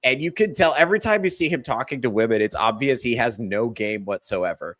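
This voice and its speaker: A man's voice: mid-range voice, expressive, brisk, fairly bright tone, dry recording. A man hosting a comedy podcast, ranting with crude, sarcastic mockery. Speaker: podcast host. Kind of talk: comedic commentary rant.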